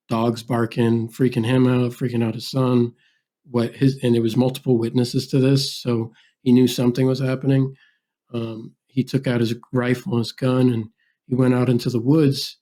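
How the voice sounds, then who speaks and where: A male podcast host with a mellow, dark voice that stays fairly flat in pitch. He chats casually and tells stories loosely with fillers. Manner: relaxed, chatty storytelling with fillers. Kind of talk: casual interview.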